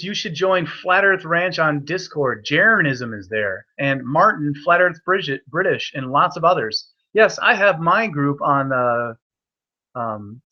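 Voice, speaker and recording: A man's voice: on the high side, bright, forceful tone, dull audio. A young man hosting an online hangout, telling a rambling, profane story full of restarts. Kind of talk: rambling casual chat.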